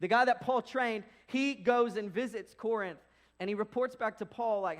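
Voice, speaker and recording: A young man preaching a casual, lively sermon as pastor, acting out quoted voices as he goes. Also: sits high, moderate pace.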